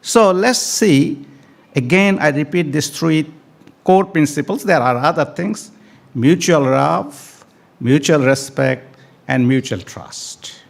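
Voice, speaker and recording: A man addresses an event audience, dwelling slowly on each point and leaning into key words. His voice is gravelly and slightly high, and it rises and falls widely as he repeats phrases for emphasis. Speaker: speaker at a family day event. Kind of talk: speech to an audience. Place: event hall.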